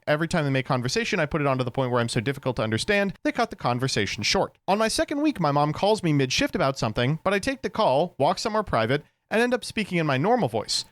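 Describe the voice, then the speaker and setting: Sarcastic guy cohosting a comedy podcast, kinda high voice, jumps around a lot, dry close mic. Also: a bit bright, no echo. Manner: sarcastic, mocking. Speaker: podcast co-host. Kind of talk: casual comedic chat, reading a forum post.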